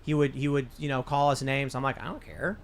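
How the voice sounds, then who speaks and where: A man's voice: mid-range voice, fairly even intonation, fairly quick, gravelly, a little hiss or hum. A man hosting a political talk show, telling a rambling story with many restarts. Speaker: podcast host.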